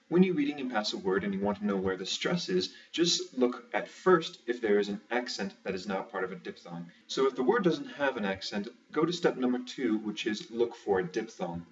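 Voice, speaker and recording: Man teaching with dry, wry asides. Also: lowish voice. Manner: dry, wry asides while walking through rules step by step. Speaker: language teacher. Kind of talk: explaining a lesson. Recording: muffled, somewhat distant mic.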